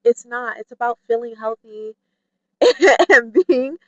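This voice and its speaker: A woman vlogger talking candidly to camera in a chatty way, full of "like" and "you know", who mimics her friends in a high playful voice. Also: takes it slowly, no room sound, muffled recording. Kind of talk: candid personal talk to camera.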